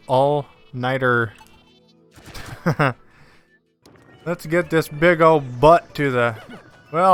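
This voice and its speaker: Bright, excitable male game streamer. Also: fairly high pitch, clean tone. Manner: excitable, whoops and yells at wins; sarcastic, swears casually. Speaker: gaming livestreamer. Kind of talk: live gameplay commentary.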